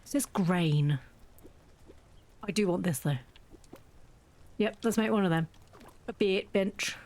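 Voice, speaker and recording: Slow and a little mellow, a medium-pitched female streamer talks her way through a farming game. It's easygoing let's-play chatter, full of self-mockery and thinking aloud.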